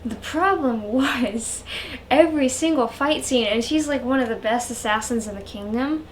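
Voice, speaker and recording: Higher-pitched woman book reviewer, rambly, frank, casual vlog chat. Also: normal speed, a little hiss or hum. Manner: rambling, frank, heavy use of "like".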